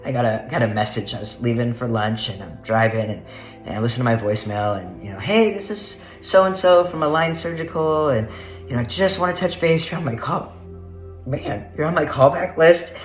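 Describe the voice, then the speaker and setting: A man tells a story to the camera in a casual vlog, rambling, chatty and laughing often. His medium-pitched voice is expressive and a little fast, and the recording has a roomy echo with faint music.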